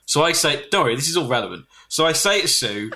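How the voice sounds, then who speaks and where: A man tells a comic tale with plenty of animation, his bright voice swinging up and down as he goes. He keeps breaking into loud put-on voices for the people in his story. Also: a little high, quick pace. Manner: animated, shouts and squeals when quoting others. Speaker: storyteller on a comedy podcast.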